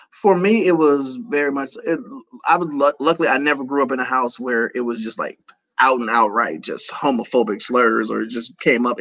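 A man talking as a guest in a casual interview, animated and laughing often, with quick asides. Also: medium pitch, dry recording, poor audio.

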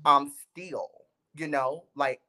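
Interview guest, mid pitch, reflective with frequent pauses. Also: steady tone, bright, forceful tone. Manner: reflective, many "um"s. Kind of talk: casual interview talk.

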